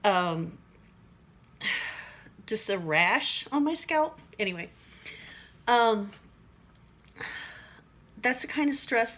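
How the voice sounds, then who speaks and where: A woman's voice: mid-range voice, a bit bright. A middle-aged woman talking to camera in a casual, rambling way about everyday stress, acting out little voices and laughing at herself. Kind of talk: casual teaching monologue to camera.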